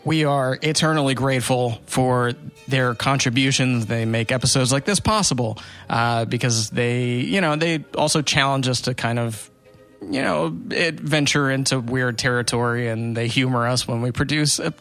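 A man's voice: medium pitch, steady tone, moderate pace, a bit bright, faint music behind. Chatty male podcast host. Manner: rambling, laughs often. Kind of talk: casual chat.

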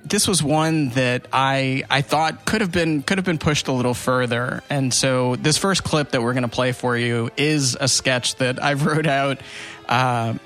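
A man's voice: medium pitch, measured pace, fairly bright tone, soft background music. A man co-hosting a podcast, talking casually with frequent laughter. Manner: rambling, laughs often. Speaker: podcast co-host. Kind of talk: casual chat.

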